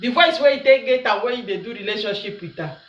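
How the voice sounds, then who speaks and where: A woman's voice: on the high side, expressive, fast, a bit bright. A woman with a Nigerian accent chatting and teasing while she cooks at home, laughing often. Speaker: social media commentator. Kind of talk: casual commentary while cooking. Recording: roomy, distant from mic, faint noise.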